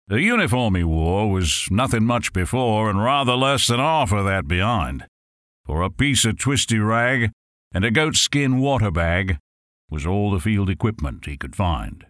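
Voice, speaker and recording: A man giving a dramatic poetry recitation, swelling loud on the refrains and dropping low on the ends of lines. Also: no echo, studio quality. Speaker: poetry reader.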